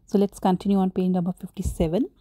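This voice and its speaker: A woman's voice: mid-range voice, flat delivery, quick pace, mellow, dry recording. A woman English teacher in a recorded lesson, patiently retelling a story and explaining words step by step.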